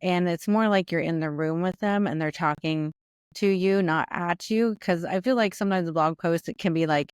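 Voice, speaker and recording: Relaxed woman explaining as a guest. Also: on the low side, normal speed, smooth, dry recording, clean studio sound. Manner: relaxed, explanatory, repeats "I feel like". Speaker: podcast guest, business founder. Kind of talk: conversational interview answers. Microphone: remote call.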